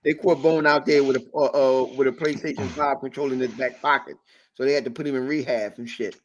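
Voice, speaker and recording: A man hosting a casual podcast, ranting in an animated, profane, repetitive way. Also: medium pitch, fast talker, a little hiss or hum. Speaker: podcast host.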